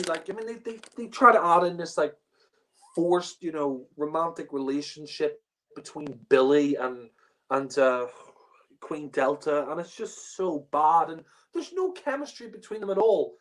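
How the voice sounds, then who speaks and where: A man with a fairly high, slightly slow voice rants through a casual spoken review, exasperated and profane. His loose talk is packed with fillers like "you know" and "like," and he often breaks into laughter while complaining.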